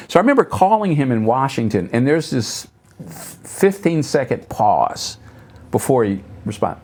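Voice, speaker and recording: A middle-aged man, a pastor, telling stories as a guest on a talk show, acting out others' words in sudden higher tones and dropping low on asides. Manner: animated storyteller, voices other people's remarks with sharp jumps up in pitch. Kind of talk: storytelling in a talk show conversation. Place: local public access TV studio.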